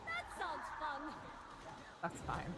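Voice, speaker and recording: A woman streaming a game live and chatting with her viewers, talking in a loose, animated way, filling with "like" and blurting out swears. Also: high voice, slow. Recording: steady background noise.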